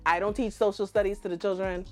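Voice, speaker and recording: A woman's voice: medium pitch, steady tone, quick pace, a little mellow, soft background music. A woman with a Bahamian accent hosting a casual podcast chat, teasing and playful with her friends. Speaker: podcast host.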